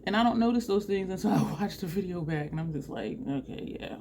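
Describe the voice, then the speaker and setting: A woman from New Jersey chatting casually through a makeup tutorial, animated and laughing often. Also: mid-range voice, fast talker, noisy background. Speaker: beauty vlogger.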